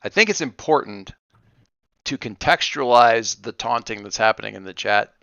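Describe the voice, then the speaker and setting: A man's voice: medium pitch, lively intonation, normal speed, creaky, bright, forceful tone, clear, resonant tone, no room sound, lo-fi sound. A man acting as game master of a tabletop role-playing session, explaining rules in a rambling, self-correcting way.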